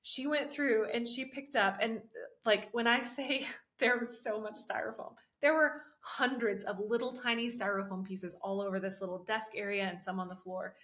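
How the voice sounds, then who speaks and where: A woman hosting a podcast, her voice sitting a little higher than most. She talks casually and conversationally, and explains her points through everyday examples. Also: steady tone, moderate pace, fairly bright tone. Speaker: parenting podcast host.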